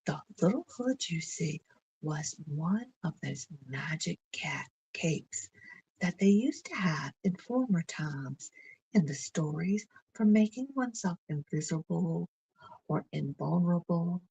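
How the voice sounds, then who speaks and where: Breathy woman reading a soothing bedtime story. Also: lowish voice, animated, slow, no room sound, rough recording. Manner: gentle, soothing, often near a whisper.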